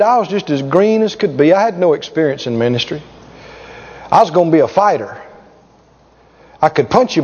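A middle-aged man preaching a sermon with stories, folksy and animated, often chuckling. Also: a little high. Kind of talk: sermon with storytelling. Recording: echoey hall, dull lo-fi sound.

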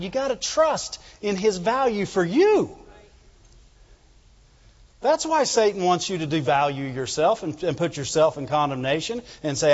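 Fervent preacher in an echoing hall. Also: male voice, high-pitched, measured pace. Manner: fervent preaching, asks the congregation "Amen?". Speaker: pastor. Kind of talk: sermon. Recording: reverberant hall, dull lo-fi sound.

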